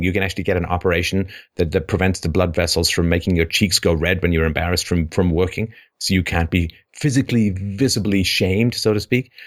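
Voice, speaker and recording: A man hosting a call-in show, talking frankly in a casual, opinionated way and repeating words as he thinks aloud. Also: low-pitched.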